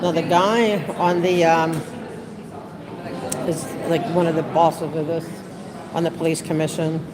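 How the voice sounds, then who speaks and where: Chatty woman livestreaming over loud crowd chatter. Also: low voice, flat delivery, unhurried, long pauses, low-quality recording. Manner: chatty and rambling, reading viewer comments aloud. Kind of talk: casual livestream chat.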